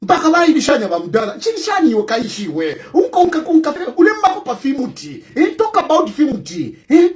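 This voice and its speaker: A man with a Zambian accent rants about politics, defiant and mocking, hammering his points home again and again. His voice sits high and swings widely in pitch, with sudden bursts of shouting. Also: huge pitch swings, fairly quick, hardly any pauses. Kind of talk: combative political rant.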